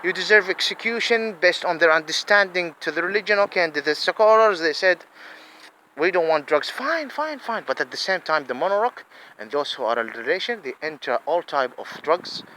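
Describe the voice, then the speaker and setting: A man's voice: sits high, expressive, moderate pace, sharp tone, slight background noise, rough recording. A man, giving an angry, profane monologue full of repeated, emphatic questions. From Saudi Arabia.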